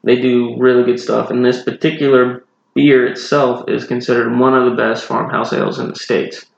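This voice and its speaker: A man's voice: medium pitch, little pitch movement, normal speed, creaky. A man from North Carolina co-hosting a podcast, chatting casually and explaining beers at length with a laid-back, digressive manner. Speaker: podcast co-host. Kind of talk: casual podcast chat with beer reviewing. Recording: roomy, dull lo-fi sound.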